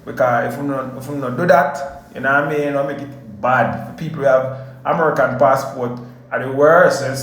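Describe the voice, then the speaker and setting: A man's voice: on the high side, reverberant, rough recording. A man from Jamaica with a Jamaican accent, giving heated casual commentary to camera as a vlogger, repeating his stock phrases. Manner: heated, repetitive, keeps saying "you know what I mean" and "family".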